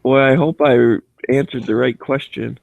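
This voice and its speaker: A man's voice: mid-range voice, normal speed, vocal fry, no echo, phone-quality sound. A man in casual chat, telling stories with lots of swearing and acting out the voices of others. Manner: profane, animated storyteller who acts out voices. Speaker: show host.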